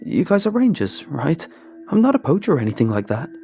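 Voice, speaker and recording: Casting: man playing a terrified lost hiker, stammers and begs, pitched well up from his own voice, music under. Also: sing-song, a little fast, vocal fry, warm tone. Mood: panicked. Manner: stammering, pleading. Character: panicked lost male hiker, stammering and pleading. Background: background music.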